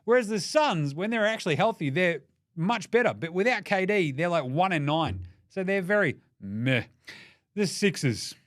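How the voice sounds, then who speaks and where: An Australian man giving a comedic basketball ranking rant, mocking and full of quick jokey asides. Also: sits high, expressive, fairly bright tone. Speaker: basketball commentator.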